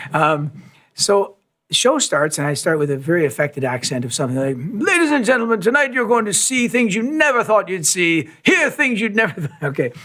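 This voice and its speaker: A man's voice: a little high, husky. A man telling a long anecdote at a live session, acting out quoted lines and sound effects as he goes. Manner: animated storyteller, acts out quotes and sounds. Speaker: musician telling a story.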